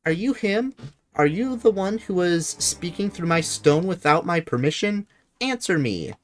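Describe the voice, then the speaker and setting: A man's voice: high voice, expressive, a little slow, voice pushed up. A man reading a game's dialogue aloud, voicing a bossy young female pirate captain with a brusque, demanding manner. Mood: indignant.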